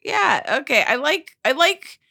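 A woman's voice: high-pitched, very animated, a little slow, creaky, sharp tone. A woman co-hosting a casual book discussion, chatty and full of "like". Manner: chatty, lots of "like". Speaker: co-host.

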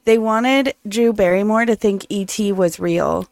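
Woman cohost, chatty, mid pitch, dry close mic. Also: unhurried, vocal fry, darkish tone, no room sound. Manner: laughs often, chatty. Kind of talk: casual chat.

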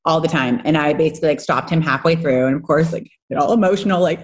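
A woman in her thirties tells her story in relaxed podcast talk. Her voice sits on the low side, and she rattles on in a chatty, animated way, full of fillers and quick laughs. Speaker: guest, home organizing business owner. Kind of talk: casual podcast chat.

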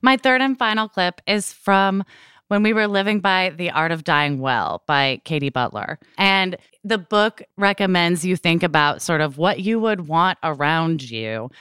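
A woman's voice: on the low side, animated, a little slow, a bit bright, clear, resonant tone, no room sound, studio quality. A woman co-hosting a podcast, frank and joking, swearing casually as she chats. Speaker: podcast co-host. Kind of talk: casual chat.

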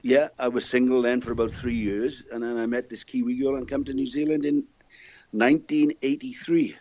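A man's voice: medium pitch, steady tone, brisk, warm tone, dull audio. An older Welsh man chatting as an interview guest, telling jovial stories from his past. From Wales. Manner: chatty, jovial anecdote teller. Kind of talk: casual interview storytelling.

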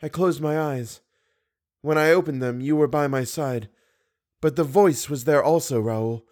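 A man reading the part of a devoted, fearful young woman singer in a measured, earnest audiobook reading. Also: a little high, darkish tone, close to an everyday voice.

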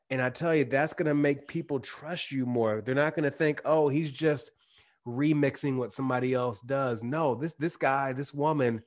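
A man with a slight twang speaks as a guest in a relaxed interview. His voice sits at an ordinary middle pitch. He talks in a loose, slangy way and often restarts his sentences. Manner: casual, uses slang, restarts mid-sentence. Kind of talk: casual interview chat.

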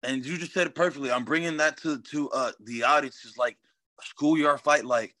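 A brash, swaggering man with a bright, slightly high voice. He talks freely and profanely in a casual interview. The sound is dry and close. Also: fairly even intonation, a little fast, no room sound. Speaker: fighter guest.

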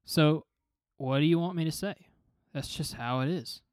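A man chatting casually on a podcast, with a dry, deadpan and stubbornly insistent manner. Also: on the high side, moderate pace. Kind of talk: casual chat.

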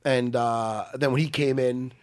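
A man's voice: medium pitch, a little slow. A middle-aged man, co-hosting a casual podcast chat and telling swearing-laced fighting stories. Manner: animated, swearing storyteller. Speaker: podcast co-host, jiu-jitsu fighter.

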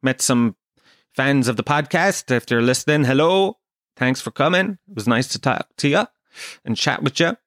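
Irish male podcast host, mid-pitched, animated storyteller who swears freely, dry room. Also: normal speed, dry recording. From Ireland. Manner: animated storytelling, swears a lot, acts out quotes. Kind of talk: casual comedic monologue.

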